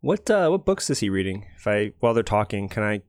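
A man's voice: on the low side, big pitch swings, fast talker, dry recording, clean studio sound. A man playing a tabletop role-playing game who asks questions casually. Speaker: player.

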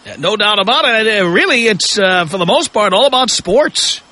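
Brash, lively male radio host. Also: high voice, moderate pace. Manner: brash, mocking, provocative. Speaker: radio talk show host. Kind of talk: opinionated call-in radio talk.

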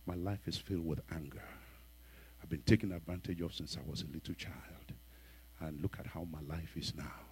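A man playing a troubled church member, a grown woman, speaking softly and in a subdued, confiding way. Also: deep voice, fairly even intonation, normal speed, husky, pitched below the performer's own voice. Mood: weary.

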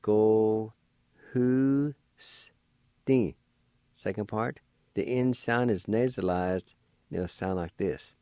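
Slow, deep-voiced man spelling words. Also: a little mellow, no echo. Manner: slow, deliberate, sounding out each syllable. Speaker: language teacher. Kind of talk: slow spelled-out language lesson on radio.

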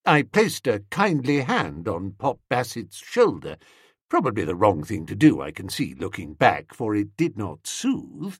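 A man's voice: lowish voice, wildly swooping pitch, measured pace, slightly rough, no echo, studio quality. A man reading a comic first-person audiobook narration in a wry, theatrical manner.

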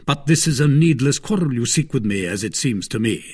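A man's voice: mid-range voice, animated, fairly quick, darkish tone, slightly rough. A man doing a curt, haughty young nobleman. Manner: curt, proud.

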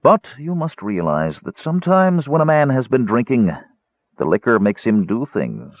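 A man doing a gentle, formal cleric. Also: medium pitch, big pitch swings, moderate pace, no echo. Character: gentle, stern older male cleric. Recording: tinny narrow-band audio.

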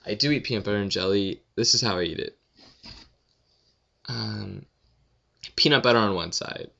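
Gravelly, drowsy young guy rambling. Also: on the low side, normal speed, pushed and bright, highs cut off. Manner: rambling, offhand, swears and yawns, tired. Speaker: vlogger answering viewer questions. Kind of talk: casual Q&A vlog.

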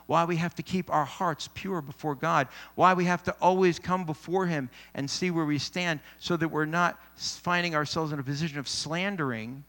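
A male preacher delivers a sermon with a voice pitched a little above the usual male range. He speaks in an earnest, measured way and pauses often to stress his points. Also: fairly bright tone.

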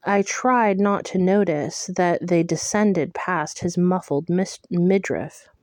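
A woman reading a first-person novel aloud in a hushed, intimate way. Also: lowish voice, takes it slowly, no echo, clean studio sound. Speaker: audiobook reader.

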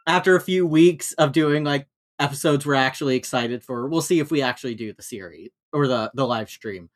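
A man's voice: medium pitch, fairly quick. Laid-back man co-hosting a podcast. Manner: relaxed, many fillers, swears casually. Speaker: podcast co-host. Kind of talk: casual chat.

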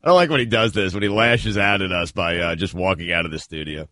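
A man's voice: low-pitched, quick pace, sharp tone, no echo. A man co-hosting a sports radio show in a studio, throwing sarcastic jabs while fighting a chest cold. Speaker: co-host.

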